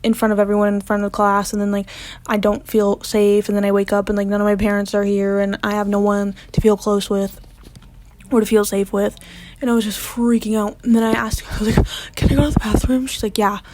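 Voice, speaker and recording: A woman's voice: medium pitch, flat delivery, a little fast, a little mellow. Chatty young woman telling a storytime. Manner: chatty, lots of "like" fillers, drops to whispers when reliving panic. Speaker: vlogger. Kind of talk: casual storytime.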